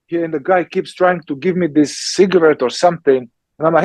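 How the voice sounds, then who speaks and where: A man, a therapist and teacher answering questions in a slow, emphatic conversational way, often checking in with "yeah?". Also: on the high side, darkish tone, no room sound, rough recording. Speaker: somatic psychotherapist and teacher.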